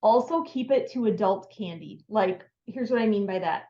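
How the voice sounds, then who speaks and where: A woman's voice: mid-range voice, normal speed, warm tone, highs cut off. Chatty upbeat woman in echoey room. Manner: chatty, upbeat, lots of filler words. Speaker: sales trainer. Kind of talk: casual how-to talk.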